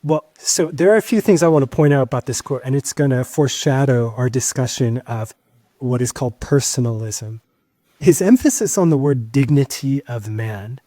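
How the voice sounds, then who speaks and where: A man's voice: mid-range voice, warm tone, no room sound. A man co-hosting a podcast who explains history in an emphatic, lecturing way, often stopping to stress key points. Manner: lecturing, emphatic, with frequent "keep in mind" asides. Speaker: podcast co-host.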